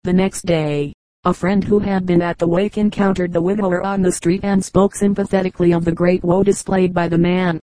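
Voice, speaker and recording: A woman narrating an audiobook of humorous anecdotes in an even, unhurried reading voice. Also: fairly low pitch, no room sound, poor audio. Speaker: audiobook reader.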